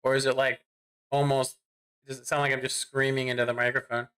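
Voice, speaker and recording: A man streaming a tank game, rambling casually and clearing his throat as he fiddles with his microphone. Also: medium pitch, level tone, fairly quick, pushed and bright. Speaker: gaming streamer. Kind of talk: casual live-stream commentary. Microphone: desk microphone.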